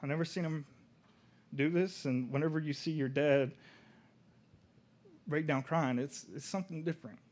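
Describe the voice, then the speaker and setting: A man's voice: fairly high pitch, steady tone. Young man telling his story. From Oklahoma. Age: young adult. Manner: casual, halting, soft-spoken at moments. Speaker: student speaker. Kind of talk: personal testimony storytelling.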